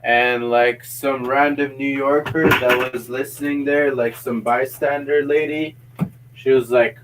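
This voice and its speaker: A man co-hosting a podcast over a voice call, chatting casually with a joking, playful manner. He talks at an unhurried pace. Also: medium pitch, fairly even intonation, fairly bright tone, a little hiss or hum. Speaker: podcast co-host. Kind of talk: casual chat.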